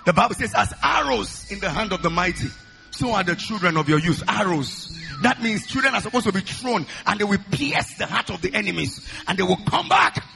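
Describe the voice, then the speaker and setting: A man preaching as a pastor, leading loud prayer with fervent, repeated declarations, each phrase often opened with "uh". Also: high voice, animated, a little fast, vocal fry, music in the background. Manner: repeats lines in a rhythmic chant. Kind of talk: sermon and loud congregational prayer.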